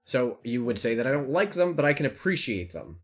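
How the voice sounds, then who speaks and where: A young man on a casual podcast chat, explaining his view in a laid-back way with pauses. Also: medium pitch, very animated. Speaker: podcast co-host.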